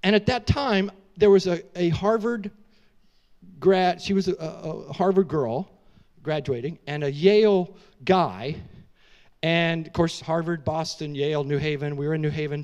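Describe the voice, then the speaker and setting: A middle-aged man preaching from the pulpit in a high, bright voice. He tells a story in an animated and emotional way, and he drops casual, slangy asides to his listeners as he goes. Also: unhurried, clear, resonant tone, lo-fi sound. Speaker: pastor. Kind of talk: storytelling sermon.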